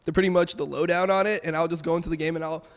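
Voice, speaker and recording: A young man, a pro gamer, talking casually and quickly in a post-match interview, with lots of "um" and "like". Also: a little high, steady tone, in a large hall. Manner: fast, casual, filler-heavy.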